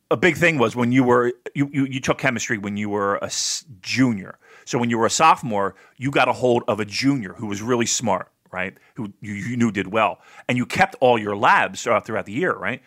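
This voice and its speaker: A man from New Jersey co-hosting a podcast, chatting casually, animated, laughing often and swearing freely. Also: medium pitch. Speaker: podcast co-host. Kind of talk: casual chat.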